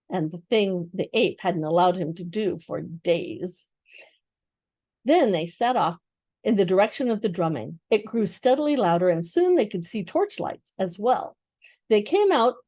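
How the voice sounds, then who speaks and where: Expressive older woman reading a storybook. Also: mid-range voice, no echo, studio quality. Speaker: storybook reader. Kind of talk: reading a children's novel aloud.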